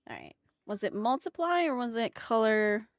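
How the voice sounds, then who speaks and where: A woman's voice: on the high side, sing-song, moderate pace, no echo, clean studio sound. A woman streamer chatting casually with her viewers while drawing emotes, giggling often and calling out exclamations. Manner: giggly and exclamatory, talks to chat.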